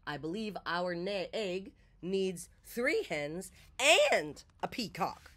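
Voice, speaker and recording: A woman's voice: fairly low pitch, very animated, slow, a bit bright, exaggerated voice. A woman voicing a fluffy hen who keeps crying out old-fashioned exclamations, in a storybook read-aloud. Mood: fussing.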